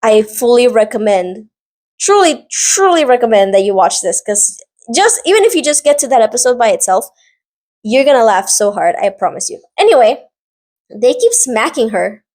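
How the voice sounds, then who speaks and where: A woman talks straight to her viewers in a casual, chatty recap, her voice sitting a little higher than most. She rambles, wanders into side notes and leans on "like" constantly. The energy stays animated and conversational throughout. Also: normal speed. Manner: animated, rambling, heavy use of "like". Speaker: book and drama recap vlogger.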